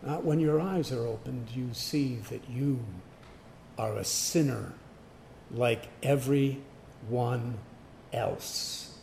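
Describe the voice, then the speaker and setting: A man preaching a sermon, emphatic, swinging from loud declarations to hushed asides. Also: medium pitch, takes it slowly, gravelly, slight background noise. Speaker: pastor.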